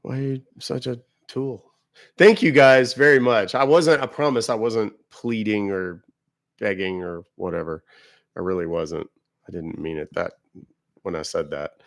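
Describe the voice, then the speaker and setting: A man's voice: sits low, fairly even intonation, moderate pace. A man hosting a live scam-baiting stream, chatting casually and teasing callers. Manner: playful, sarcastic. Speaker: scam-baiting livestream host.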